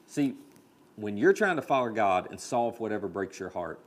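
A man preaching a sermon, telling a scripture story in an animated, storytelling way. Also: on the low side, normal speed. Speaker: pastor.

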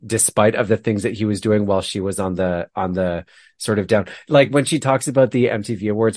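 A man co-hosting a podcast, discussing a book in a thoughtful, hesitant way with frequent pauses. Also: lowish voice, dry recording, clean studio sound. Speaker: podcast co-host.

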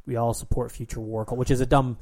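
A man's voice: medium pitch, little pitch movement, fast talker, darkish tone. An American man co-hosting a casual podcast, rambling through stories with lots of ums. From United States. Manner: rambling, many ums and restarts. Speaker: podcast co-host. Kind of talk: casual chat.

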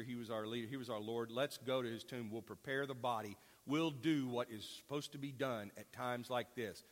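A man's voice: mid-range voice, sharp tone. A man preaching a sermon in a conversational way, asking the congregation questions and adding offhand asides. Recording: long reverb of a large hall.

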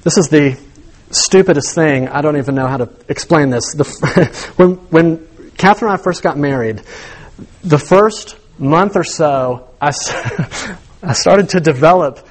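High-voiced young male preacher, conversational. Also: normal speed. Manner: conversational, self-deprecating, chuckles through stories. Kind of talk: sermon.

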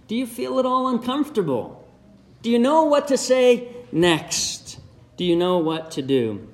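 A man preaching a sermon, measured and direct, putting one question after another to his congregation. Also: very high voice, big pitch swings.

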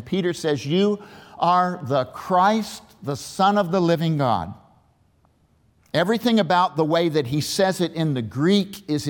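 A male pastor, preaching a sermon and telling a story, with emphatic questions to the congregation. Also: on the high side. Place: large church sanctuary. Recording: reverberant church hall.

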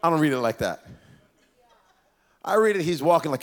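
A man preaching a sermon, animated and playful, acting out voices of Bible figures and teasing the congregation. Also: on the high side, normal speed. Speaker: pastor. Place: church.

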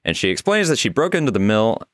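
A man's voice: mid-range voice, sing-song, fast talker, dry recording, clean studio sound. A man co-hosting a podcast, loosely recapping an internet mystery with some swearing and frequent laughs. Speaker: podcast co-host. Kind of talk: casual podcast story recap.

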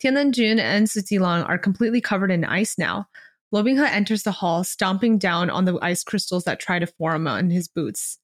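A young woman co-hosting a podcast, retelling a story in an animated way and adding playful asides. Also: on the low side, moderate pace. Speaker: podcast co-host. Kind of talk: reading a chapter summary aloud, casual asides.

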